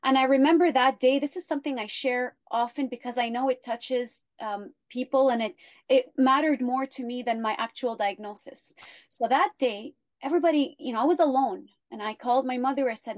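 A woman guest telling her story in an interview, earnest and measured. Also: sits high, a little mellow, no room sound.

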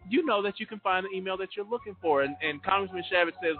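A man talks on a radio show in an animated, emphatic way. His voice is a little high and sounds tinny over the phone line, with faint music behind it. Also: fairly quick. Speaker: radio co-host. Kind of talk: casual radio talk.

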